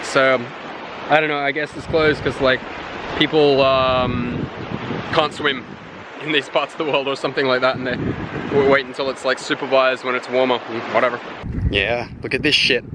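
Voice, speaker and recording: An Australian man vlogging casually outdoors, rambling and swearing, turning animated when he tells a story. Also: medium pitch, normal speed. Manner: rambling, profane, animated when telling stories. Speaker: travel vlogger. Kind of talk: casual walking vlog. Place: outdoors by a windy beach and city road. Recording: wind and traffic noise outdoors.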